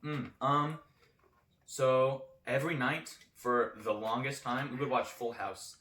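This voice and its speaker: Young male co-host, bright voice, teasing banter; echoey room, faint hiss. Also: mid-range voice, steady tone, slow. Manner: teasing, laughs often. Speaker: podcast co-host asking questions. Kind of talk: casual comedic chat.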